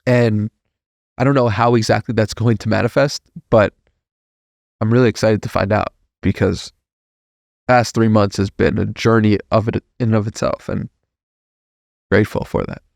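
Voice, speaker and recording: A man guesting on a podcast, telling a personal story in an earnest, heartfelt way that grows animated. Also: on the low side, normal speed, vocal fry, long pauses, no room sound, studio quality.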